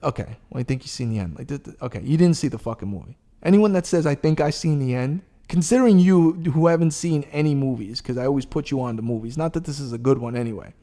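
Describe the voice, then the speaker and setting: A man hosting a podcast, chatting casually and telling a long story in a rambling, profane, animated way. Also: medium pitch, fast, few pauses. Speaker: podcast host. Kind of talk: casual chat.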